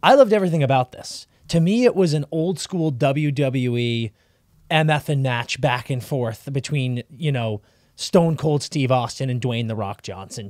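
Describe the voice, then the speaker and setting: A man co-hosting a sports podcast, ranting in casual chat with big swings between loud and quiet. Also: on the high side, no echo, studio quality. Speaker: podcast co-host.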